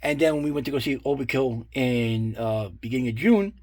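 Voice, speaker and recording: A man's voice: medium pitch, brisk, darkish tone. A middle-aged man, rambling casually and swearing freely as he shows off his collection. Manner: rambling, profane, full of fillers and asides. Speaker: collector showing his guitar picks. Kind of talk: casual show-and-tell storytelling.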